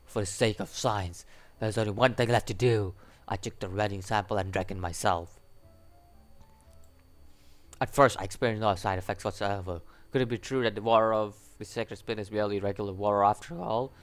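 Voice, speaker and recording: An eccentric male scientist from a game story, gleeful and theatrical, speaking in a put-on foreign accent , as a man performs him. He lingers on dramatic pauses as he reveals his findings. The voice sits a little on the low side. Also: steady tone, soft background music, lightly acted.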